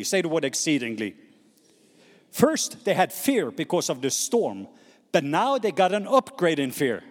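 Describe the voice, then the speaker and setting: A man with a Norwegian accent preaching a sermon, animated and calling on the congregation to repeat words back. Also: a little high, measured pace, long reverb tail. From Norway. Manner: animated preaching with call-and-response prompts. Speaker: pastor.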